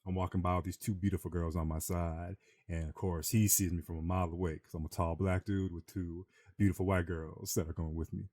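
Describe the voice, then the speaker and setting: Male podcast host, very deep and dry, a casual slangy storyteller. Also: brisk, dry recording. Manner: animated, slangy storyteller who acts out voices.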